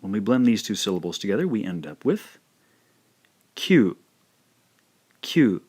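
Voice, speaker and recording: A man with a fairly low voice narrates a language lesson. He speaks slowly and carefully and says each sound twice so learners can follow. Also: sing-song, dark tone. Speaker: language teacher.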